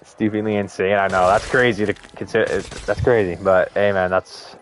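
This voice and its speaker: A man's voice: sits low, fairly even intonation, a little fast, slight background noise. A young man chatting casually to viewers while live-streaming a game, with laid-back slang and frequent swearing. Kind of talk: casual gaming stream chat.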